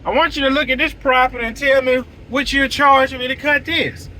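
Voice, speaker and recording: A man's voice: extremely high pitch, flat delivery, brisk, pushed and bright, a little hiss or hum, voice pushed up, rough recording. A man putting on the voice of an eager, friendly church property man in a story.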